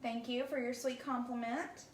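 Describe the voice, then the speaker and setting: A chatty woman with an Alabama Southern accent talks to her viewers in a relaxed, folksy way as she paints. Her voice sits on the higher side, and it rings around an echoey room. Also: normal speed. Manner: chatty and folksy, answers viewer comments aloud. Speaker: craft livestream host. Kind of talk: casual livestream chat while painting.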